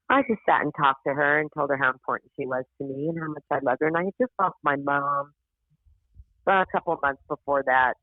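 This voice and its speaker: A woman stand-up comedian, a podcast guest, telling a story in casual chat. She is animated, swears freely, and acts out the voices of the people in her story. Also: deep voice, no echo. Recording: tinny phone-like audio.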